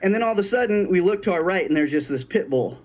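Animated, swearing storyteller man. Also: sits high, quick pace. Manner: animated, profane, acts out quoted voices. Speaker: guest telling a story. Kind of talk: casual storytelling chat.

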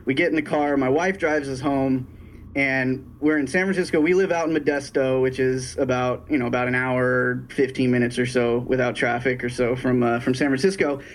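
A man telling a story in casual chat, animated and profane, acting out the people he quotes. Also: medium pitch, moderate pace, slight background noise.

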